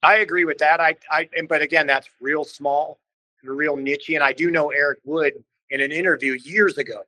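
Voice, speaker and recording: A man from Cleveland talks as a podcast guest, casual and animated. He acts out what others said in quick put-on voices and swears easily. His voice is bright, a bit tense and set slightly high, recorded close and dry. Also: no room sound, poor audio. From Cleveland, Ohio. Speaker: podcast guest, band vocalist. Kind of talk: casual storytelling in conversation.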